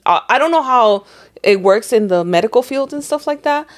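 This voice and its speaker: A woman's voice: a little high, expressive, normal speed. A young adult woman co-hosting a podcast, reacting and chiming in during casual chat, mixing in Spanish phrases. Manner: reactive, switches between English and Spanish. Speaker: podcast co-host.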